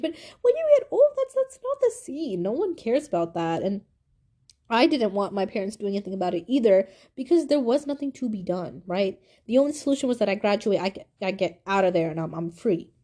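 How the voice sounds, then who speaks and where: Mellow-voiced young woman telling her story. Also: medium pitch, fast talker. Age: young adult. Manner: candid, rambling, full of "like" and "you know". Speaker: vlogger. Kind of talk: casual personal storytelling.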